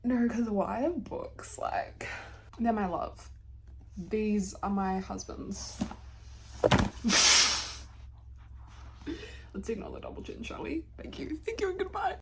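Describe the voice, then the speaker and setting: A woman's voice: medium pitch, lively intonation, takes it slowly, long pauses. A young woman chatting in a casual home vlog, playful and self-deprecating, swearing casually. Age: young adult. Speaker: vlogger. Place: bedroom at home. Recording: roomy home recording, mic at a distance, clear background noise.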